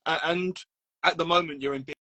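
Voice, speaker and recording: A man's voice: a little high, fairly even intonation, a little fast, bright, forceful tone. A man hosting a live video interview, listening attentively, agreeing often and restarting his questions. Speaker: host. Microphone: phone on a live video call.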